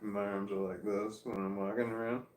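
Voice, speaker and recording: A man's voice: on the low side, level tone, moderate pace, reverberant. A middle-aged man in casual livestream chat, reading out viewer comments, rambling and self-mocking with frequent laughter. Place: room at home, seated in armchair. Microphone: phone.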